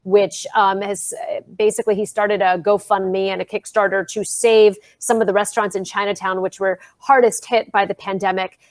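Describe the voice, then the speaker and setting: A woman from Queens with a New York accent co-hosts a casual panel show as a reporter, telling stories with emphatic energy in a chat and opinion segment. Her mid-range voice is flat in delivery, at normal speed with hardly any pauses and no room sound.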